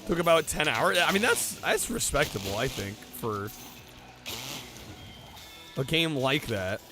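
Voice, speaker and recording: A man's voice: fairly high pitch, sing-song, a little slow. A man hosting a casual livestream, chatting in a laid-back way and thanking viewers. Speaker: streamer host. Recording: music playing under voice. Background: background music.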